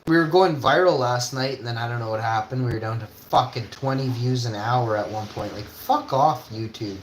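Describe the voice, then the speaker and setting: A foul-mouthed male streamer rants casually at his chat, swearing nonstop and breaking into sudden loud bursts. He talks at a middling pitch while puttering around a home kitchen. The sound is roomy, with a faint hum behind him. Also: normal speed. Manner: profane, swearing constantly; ranting, with sudden loud outbursts. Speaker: livestreamer. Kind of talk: casual livestream rant.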